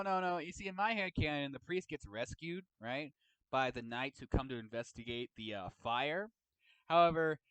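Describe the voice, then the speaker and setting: Man, casual rambling storyteller, tags lines with "right?", animated pitch, dry close mic. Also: no room sound, low-quality recording. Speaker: host and storyteller. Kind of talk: casual chat about a roleplay story.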